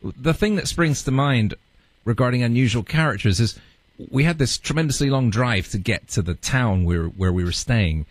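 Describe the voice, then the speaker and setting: A man telling a lively travel story as a guest in a studio interview, laughing often. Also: medium pitch, moderate pace, no room sound. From part Russian heritage. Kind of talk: storytelling anecdote.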